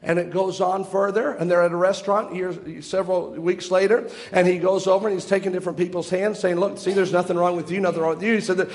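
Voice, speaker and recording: A man preaching a sermon, retelling a story with long quotes and stopping to explain each detail earnestly. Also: high voice.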